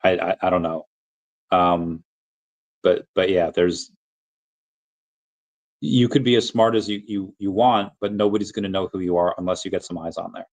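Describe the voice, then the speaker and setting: Rambling American man, lowish voice. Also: fairly even intonation, moderate pace, long pauses. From United States. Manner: rambling, many restarts and fillers. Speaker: livestream host answering chat. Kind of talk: casual livestream chat.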